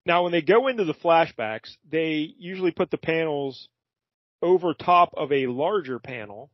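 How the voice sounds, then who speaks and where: A man's voice: a little high, animated, normal speed, no echo, highs cut off. A man co-hosting a podcast, chatting casually and rambling with lots of fillers about a comic. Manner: laid-back, rambling with many fillers. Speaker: podcast co-host. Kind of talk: casual chat recapping a comic.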